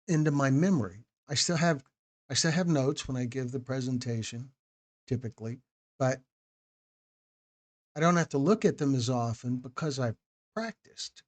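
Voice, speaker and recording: A man's voice: on the high side, normal speed, long pauses. A man hosting a live stream, chatting casually with viewers by name and often restarting his phrases. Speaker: documentary host answering live chat.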